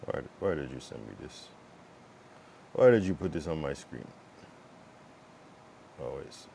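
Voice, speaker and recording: A man with a very deep, low voice talks loosely to his stream chat. He rambles with plenty of fillers and curses bluntly, and he breaks off to fiddle with his streaming setup. A faint hiss sits under the recording. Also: lively intonation, unhurried, creaky, dark tone. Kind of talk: casual livestream chat.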